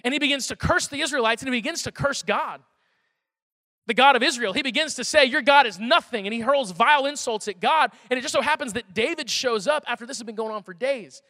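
A pastor preaching a sermon, animated and conversational, with emphatic outbursts. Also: male voice, very high voice, fast, studio quality. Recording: reverberant hall, faint music.

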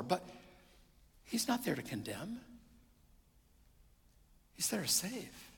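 Gravelly man preaching in a reverberant hall. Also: fairly high pitch, big pitch swings, normal speed, long pauses. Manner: dynamic preaching, swinging from loud to hushed. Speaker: pastor. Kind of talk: sermon. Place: church sanctuary.

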